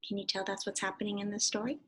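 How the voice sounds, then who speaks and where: A woman teacher gives a lively read-aloud of a picture book for young children, breaking off to quiz them. Her medium-pitched voice is rapid-fire with a breathy edge.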